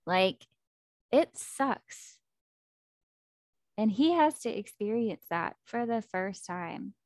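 A woman in casual chat, excitedly recapping a book plot and acting out the characters' lines. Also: medium pitch, slow, no room sound, clean studio sound. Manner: animated, acts out character quotes, fillers like 'like' and 'um'.

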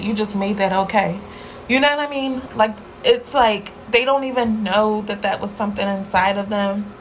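A young adult woman hosting a casual solo podcast, talking candidly in slang, laughing often and jumping up in pitch for emphasis. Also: slight background noise, low-quality recording. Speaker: podcast host.

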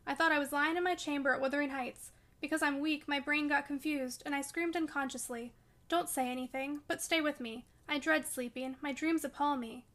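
A woman's voice: high voice, steady tone, fairly quick, fairly bright tone. A woman reading aloud as a feverish, delirious young woman, dreamy and frightened. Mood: pleading. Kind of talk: audiobook reading.

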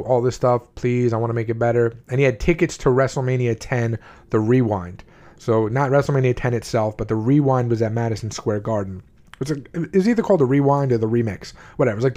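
A man's voice: medium pitch, darkish tone. A man in his forties casually telling a personal story, rambling with lots of "you know" and "like" and frequent restarts.

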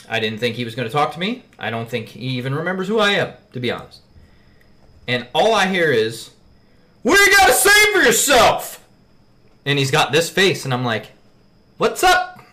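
A man talking casually and bluntly, swearing freely as he defends himself. His pitch sits in a middle range but moves a lot, rising and falling as he argues. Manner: blunt, heated, swears often, mimics people loudly. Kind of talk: casual chat.

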